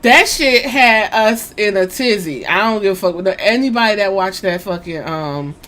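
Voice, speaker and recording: An animated woman hosts a podcast and tells a story with plenty of excitement. She swears casually and talks in a loose, chatty way. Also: medium pitch, moderate pace, slight background noise. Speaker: podcast host.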